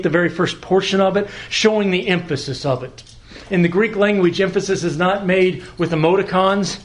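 A man preaching a sermon to a congregation, slow and emphatic, repeating words and pausing for weight. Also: high voice. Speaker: pastor. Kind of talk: expository sermon.

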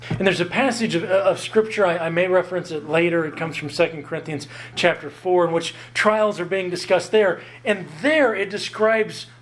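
This sermon on a biblical text comes from a man whose voice sits high and sounds a bit bright. He's earnest and emphatic, slowing down on key words and working in mild humor about himself, while a little hiss or hum runs underneath.

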